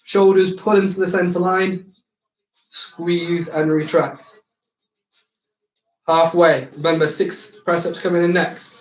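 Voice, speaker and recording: This young man coaches a live online circuit session, giving upbeat, instructive cues laced with banter. His voice is high with little pitch movement, and he goes slowly, leaving long pauses. The recording has an echoey room sound.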